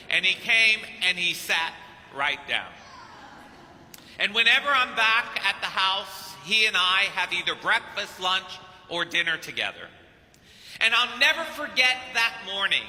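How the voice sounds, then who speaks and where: A priest from Kentucky tells a sermon story with lively acted-out dialogue. His high voice has a sharp, bright edge. It carries with a long, ringing church reverb. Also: unhurried. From Kentucky, United States. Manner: animated storyteller who acts out dialogue. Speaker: priest and missionary preacher. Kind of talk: anecdotal sermon.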